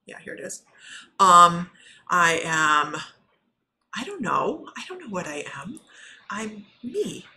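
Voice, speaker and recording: A woman with a slightly low voice and a bright, forceful edge chats to her viewers as a spiritual medium, giving readings on a live stream. She rambles, restarts her sentences and breaks into laughter. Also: sing-song, slow pace, pauses often. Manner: rambling, self-interrupting, laughs often.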